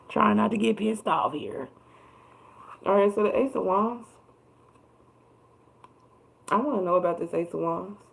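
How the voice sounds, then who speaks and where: A woman's voice: medium pitch, measured pace, gravelly, long pauses, poor audio. A woman giving a casual, emphatic tarot reading on a livestream, with plenty of swearing and repeated words for emphasis. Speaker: tarot reader.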